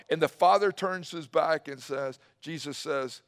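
A man preaching an Easter sermon to a church, swinging between loud emphatic bursts and hushed low passages. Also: unhurried, hardly any pauses. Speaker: pastor. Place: church service streamed online.

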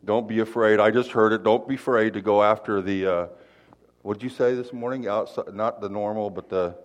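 Folksy low-voiced male pastor. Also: fairly even intonation, normal speed. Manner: folksy, chatty, with many asides and rhetorical questions. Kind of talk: conversational sermon.

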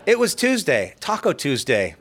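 A man's voice: fairly high pitch, huge pitch swings, moderate pace, fairly bright tone, some chatter behind. A middle-aged man preaching a sermon, telling personal stories and acting out quotes of what people said. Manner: storytelling with acted-out quotes. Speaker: pastor.

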